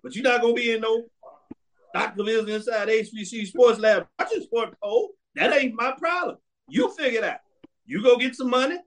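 A man with a bright, high-pitched voice runs a sports show in loose, opinionated commentary. He is blunt and emphatic, stacking up short commands to make his point.

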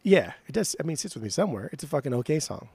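Lively high-pitched man ranting in mock outrage. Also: racing, vocal fry, breathy edge. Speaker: podcast co-host. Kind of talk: casual chat.

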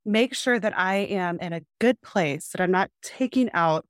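A woman's voice: on the low side, lively intonation, normal speed, no room sound, studio quality. A young woman, a mother of two small children, talking candidly and a bit rambling on a coaching call. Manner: candid, rambling, acts out her kids' lines. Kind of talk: casual coaching conversation.

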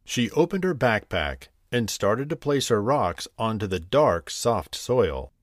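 A man reading a scripted bedtime story in a gentle, unhurried, expressive way. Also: lowish voice, dry recording, studio quality.

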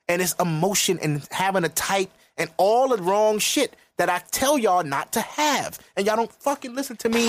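Man, early 30s, podcast host, higher-pitched voice, profane and emphatic. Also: a bit bright. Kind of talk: casual podcast rant.

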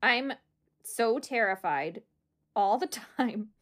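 An excitable woman co-host recapping a reality show in casual chat. Her voice sits a little high for a woman. She laughs a lot and swears freely as she talks. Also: takes it slowly. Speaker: podcast co-host.

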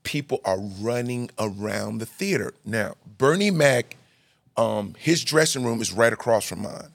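A man hosting a podcast, telling stories in a casual, animated, slangy way. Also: medium pitch, measured pace, creaky, dry recording. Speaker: podcast host. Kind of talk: casual storytelling chat.

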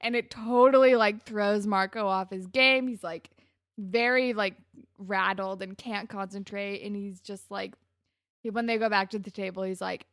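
A woman's voice: mid-range voice, fairly even intonation, moderate pace, vocal fry, fairly bright tone, no echo, studio quality. A young woman co-hosting a podcast, telling chatty, self-mocking stories while recapping a show. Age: young adult. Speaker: podcast co-host. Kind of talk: casual recap chat.

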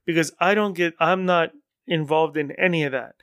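A man's voice: a little high, moderate pace, fairly bright tone, dry recording, clean studio sound. A man hosting his own podcast in casual, rambling, enthusiastic solo talk. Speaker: podcast host.

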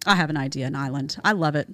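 A woman's voice: low voice, very fast, pushed and bright, no echo. A woman hosting a commentary podcast, sarcastic and exasperated, reading article excerpts aloud and mocking them. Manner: reads article excerpts aloud with scornful asides. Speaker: podcast host. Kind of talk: opinionated commentary show.

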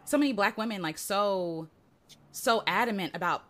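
A woman's voice: medium pitch, normal speed, fairly bright tone. A woman hosting a podcast interview, chatting casually and sprinkling "like" and "right?" through her questions. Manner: chatty, uses filler "like" and "right?" often. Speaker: podcast host.

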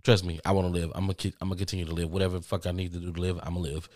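A man vlogging, telling a story casually to his viewers with lots of cursing and animated asides. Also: deep voice, very fast, dry recording, studio quality. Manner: profane, animated, talks straight to viewers.

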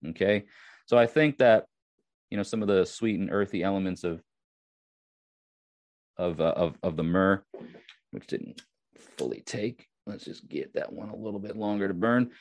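A man's voice: low-pitched, normal speed, pauses often, a little mellow, no room sound. A man from Long Island with a Long Island accent, hosting a casual solo podcast and rambling with many restarts and fillers. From Long Island, New York. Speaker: podcast host.

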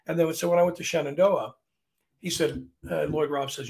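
A man from Virginia talks through stories in a relaxed interview, lively and quick to restart his sentences. His speaking voice sits fairly high for a man and has a gravelly, creaky edge. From Virginia, USA. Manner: chatty, animated, often restarts sentences. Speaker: opera singer guest. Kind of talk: casual interview storytelling.

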